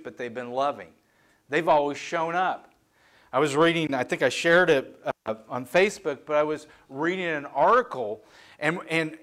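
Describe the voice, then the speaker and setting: A middle-aged man delivers a sermon in a conversational, confessional way. His voice sits notably high for a man, and he rises and falls sharply in pitch and loudness as he admits his own faults to the congregation. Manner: candid, self-deprecating, conversational preaching with lively swings in pitch and volume. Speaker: pastor.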